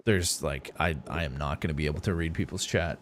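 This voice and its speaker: A man's voice: extremely low pitch, fairly quick, slight background noise. A young man streaming a survival game live, chatting casually with viewers as he plays. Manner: casual, rambling, talks to chat while playing. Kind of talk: live gameplay commentary.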